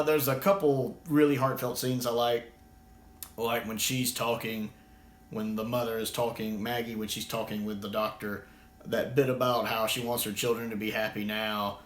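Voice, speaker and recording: A man's voice: on the low side, flat delivery, normal speed, a bit bright, slight background noise. An American man giving a casual, rambling spoken review, often restarting his sentences. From United States. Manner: rambling, frequent restarts and fillers. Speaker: video reviewer. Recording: roomy echo.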